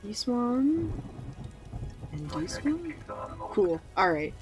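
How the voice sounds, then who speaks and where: A woman's voice: on the high side, very animated, drawn-out words, a little mellow, soft background music. Chatty woman thinking aloud while gaming. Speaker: streamer playing a game. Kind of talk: casual let's-play chat.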